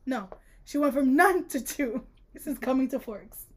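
High-voiced sarcastic young woman. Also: moderate pace. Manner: sarcastic, animated, frequent laughter. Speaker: podcast co-host. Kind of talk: casual book-discussion podcast.

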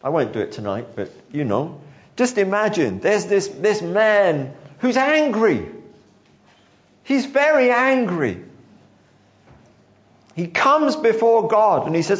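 A man preaches a sermon in a high voice with lively rises and falls. He acts out the story and chuckles as he goes. The recording sounds dull and lo-fi. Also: takes it slowly, long pauses. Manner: animated storytelling, acting out quotes, chuckling.

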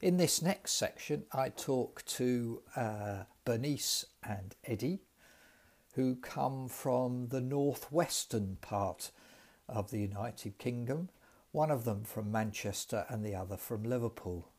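A man's voice: mid-range voice, lively intonation, darkish tone. Man hosting a language podcast. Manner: clear, measured explanations. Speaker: podcast host. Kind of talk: educational podcast interview.

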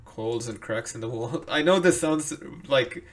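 A man co-hosting a casual podcast, relaxed and quick to laugh as he shares his own experiences. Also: mid-range voice, a little hiss or hum. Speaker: podcast co-host. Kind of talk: casual chat.

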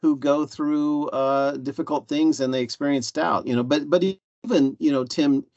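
A man's voice: fairly high pitch, fairly even intonation, moderate pace, a little mellow, dry recording. Man, hesitant, lots of fillers, slightly dull dry recording, church panel talk. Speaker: panel member.

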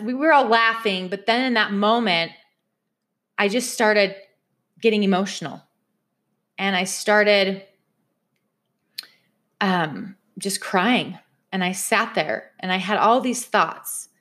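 A woman's voice: medium pitch, fairly bright tone. A young woman telling a personal story in a chatty way, speaking straight to her viewers. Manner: chatty, addresses viewers directly. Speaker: vlogger.

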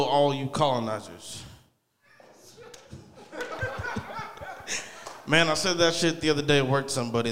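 A man's voice: medium pitch, fairly bright tone. A man doing a loose, rambling stand-up set, crude and laid-back. His voice sits mid-range and carries a long club reverb. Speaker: stand-up comedian. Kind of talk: open-mic stand-up set. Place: small comedy club.

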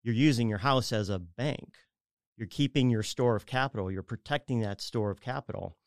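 A man talks through money and home equity on a radio show. His voice is smooth and clear, recorded dry and close with no room sound. He rambles in a friendly, casual way, often doubling back to rephrase. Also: mid-range voice, moderate pace, dry recording. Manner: rambling, self-correcting, acts out clients' voices. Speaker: mortgage advisor guest. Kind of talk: casual radio talk explaining finances.

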